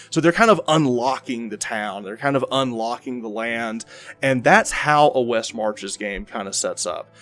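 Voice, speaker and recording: A man narrating a tabletop game as game master, rambling with many fillers and restarts. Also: mid-range voice.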